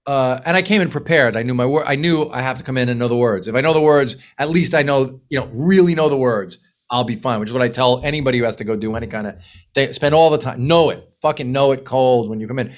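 Male podcast guest, mid-pitch, lively storyteller, swears casually, restarts a lot. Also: fast. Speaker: guest screenwriter and producer.

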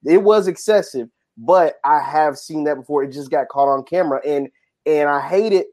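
A man's voice: on the high side, normal speed, darkish tone. A man speaking as a panelist in an online discussion, making his points emphatically and repeating himself.

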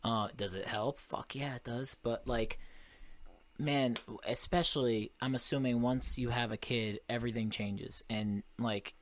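A man's voice: medium pitch, fairly even intonation, unhurried. A man hosting a casual podcast chat, laid-back and swearing freely while he agrees along. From Portuguese family. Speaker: podcast host.

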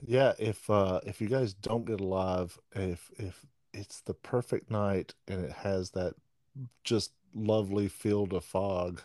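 A man's voice: low-pitched, fairly even intonation, takes it slowly, a little mellow, no room sound, studio quality. A man hosting a podcast, telling rambling jokey stories and laughing often. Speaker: podcast host. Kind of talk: casual podcast banter.

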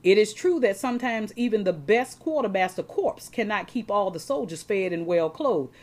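A woman's voice: mid-range voice, animated, moderate pace, darkish tone. A woman preaching a sermon, repeating words as she talks and checking in with her congregation.

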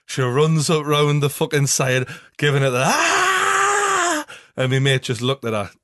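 A man's voice: medium pitch, fairly even intonation, normal speed, dry recording, studio quality. A young man with a Geordie accent, hosting a podcast and telling rambling anecdotes in casual chat, swearing constantly. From North East England. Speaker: podcast host.

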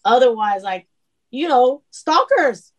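A woman chef chatting on a podcast, animated, acting out the people in her stories. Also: fairly high pitch, brisk, lo-fi sound. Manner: animated storyteller, acts out quotes. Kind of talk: casual chat.

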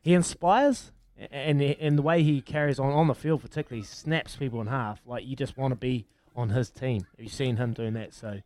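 A man's voice: mid-range voice, steady tone, moderate pace, darkish tone, no room sound. A man co-hosting sports radio from a remote studio, chatty and casual, full of "mate" and "um". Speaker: radio co-host, former rugby player.

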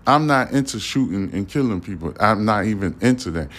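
A man's voice: fairly low pitch, animated, fairly quick, a bit bright. A man in his forties hosting a podcast, telling stories in a casual monologue full of profane street slang and asides. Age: 40s. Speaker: podcast host.

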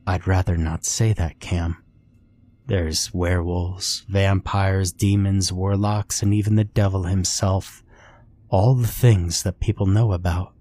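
Brief: a man voicing a sorrowful, broken monster-woman in a horror tale; soft, weak, hushed. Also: deep voice, level tone, unhurried. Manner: soft, weak, sad whispering. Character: young woman turned bleeding winged creature, sorrowful.

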